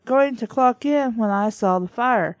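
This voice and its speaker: A woman's voice: fairly high pitch, a little slow, no echo, natural voice. A woman voicing an eager, deferential young female police officer while reading a novel aloud, her lines polite and earnest.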